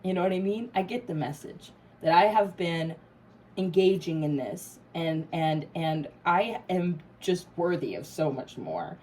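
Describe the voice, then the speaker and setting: A woman's voice: fairly low pitch, animated, unhurried, a little mellow, low-quality recording. A woman doing a casual tarot reading to camera, emphatic and swearing freely. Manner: emphatic, swears freely, laughs and gets emotional. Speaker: tarot reader.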